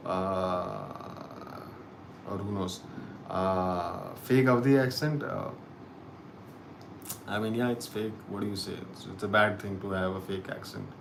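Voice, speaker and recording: A man's voice: on the low side, creaky, slight background noise. A man hosting a casual live-stream chat, musing aloud and often restarting his sentences. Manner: halting and musing, with frequent restarts. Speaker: host of a live chat show.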